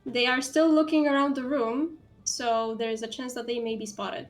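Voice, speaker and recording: A woman's voice: a little high, fairly even intonation, normal speed, music in the background. A woman running an online tabletop game as dungeon master, narrating with frequent fillers.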